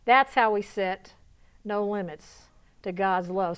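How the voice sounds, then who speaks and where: Southern US woman pastor, smooth clear voice, folksy sermon delivery with bursts of excitement. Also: medium pitch, slow pace. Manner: folksy, laughing, rising to excited call-and-response. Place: church conference hall.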